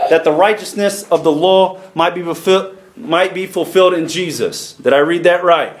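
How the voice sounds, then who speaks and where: A man preaching a church sermon, calling out to the congregation and reading scripture slowly. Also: fairly high pitch, echoey room. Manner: calls for congregation responses, reads scripture slowly.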